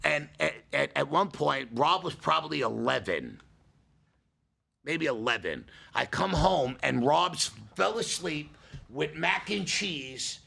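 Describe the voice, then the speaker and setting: A man's voice: fairly high pitch, big pitch swings, slow, vocal fry, pushed and bright, slightly rough. A middle-aged man, a father co-hosting a podcast, telling rambling, profane stories in casual chat.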